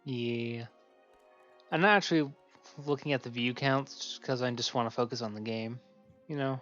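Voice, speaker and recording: An excited man chats casually while he streams a game, describing what happens on screen as he goes. The sound is a little dull and lo-fi, with faint music underneath. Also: medium pitch, normal speed. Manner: excited, chatty, narrates what he sees. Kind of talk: casual chat while gaming.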